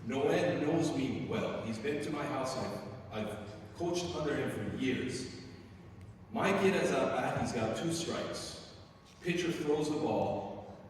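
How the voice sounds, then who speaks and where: A man's voice: mid-range voice, animated, slow pace, a little hiss or hum. A man who coaches youth sports, telling stories and giving advice to a group of parents, acting out the voices of the people he quotes. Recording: echoey hall, speaker far from mic.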